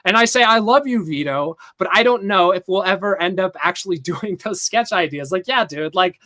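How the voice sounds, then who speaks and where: Man, podcast host, bright tense voice, rambling, reads messages aloud, lots of fillers. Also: high voice, lively intonation, moderate pace. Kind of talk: casual rambling storytelling.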